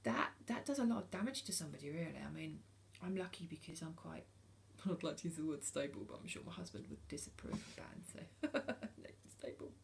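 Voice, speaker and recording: A woman's voice: deep voice, fast talker, gravelly, few pauses, slight background noise. A British woman in her forties talking casually to camera, frank and earnest, hesitating often with ums and restarts. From United Kingdom. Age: 40s. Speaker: vlogger.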